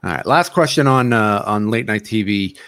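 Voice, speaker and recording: A man's voice: fairly low pitch, expressive, normal speed, a bit bright, clear, resonant tone, no echo. A man hosting a podcast, asking questions hesitantly with many fillers. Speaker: podcast host. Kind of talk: casual interview questions.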